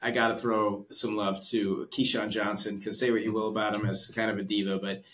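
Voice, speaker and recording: A man's voice: on the low side, little pitch movement, fairly quick, a bit bright. A man co-hosting a casual podcast chat, talking in a reflective, rambling way with plenty of fillers.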